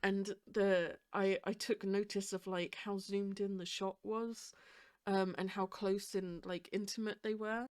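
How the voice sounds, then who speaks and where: A woman with a mid-range voice hosts a reaction video, talking casually and rambling while fighting back emotion, often with nervous laughter.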